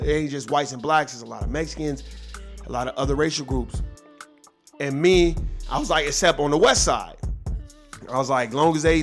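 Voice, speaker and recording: A man telling a long, loose personal story in casual vlog style, profane and full of asides. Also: on the high side. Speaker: vlogger.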